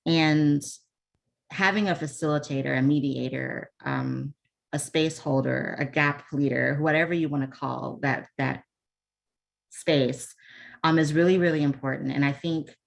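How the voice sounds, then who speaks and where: A woman with a strikingly low voice presents a leadership webinar over a video call. Her delivery is casual and chatty, full of ums and restarts, with self-deprecating asides. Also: steady tone, measured pace, gravelly. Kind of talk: casual online workshop talk.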